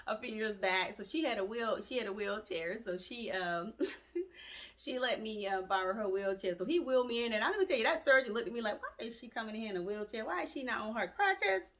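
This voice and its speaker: A woman vlogger telling a personal story in a chatty, animated way, with colloquial asides and laughter. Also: medium pitch. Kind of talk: casual storytelling to camera.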